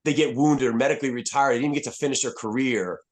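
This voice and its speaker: Brief: man, 50s, retired soldier on a podcast, blunt and profane, mid-pitched, candid storytelling. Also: fast talker. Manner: blunt, profane, frequent restarts and fillers.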